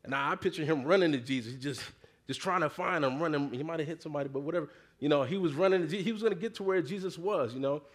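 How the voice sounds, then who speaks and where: A man's voice: a little high, quick pace. A man preaching a casual sermon, reading scripture and talking it through in a conversational, slangy way full of "you know" and calls for the congregation to answer back.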